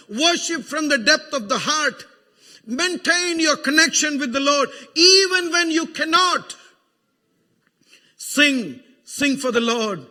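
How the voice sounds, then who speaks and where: A man with a Malayali accent preaching an emotional sermon as pastor, building to fervent shouted prayer. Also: extremely high pitch, expressive, slow. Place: church sanctuary. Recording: long church reverb.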